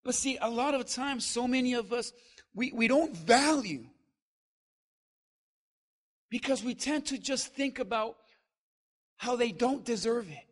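A man preaching a sermon as pastor, swinging from loud emphatic lines to quiet stretches and joking with his congregation. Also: very high-pitched, a little slow, long pauses. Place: church.

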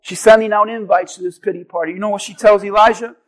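Impassioned high-voiced male preacher. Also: steady tone. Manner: impassioned preaching, often shouting and slowing for emphasis. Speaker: pastor. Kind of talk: sermon. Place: church.

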